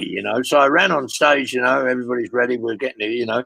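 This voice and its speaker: An older man tells rambling anecdotes in a loose interview, cursing freely and leaning on "you know what I mean". His voice is deeply gravelly and full of fry. The sound is dry and close. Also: fast, bright, forceful tone, no echo, rough recording. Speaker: guest storyteller.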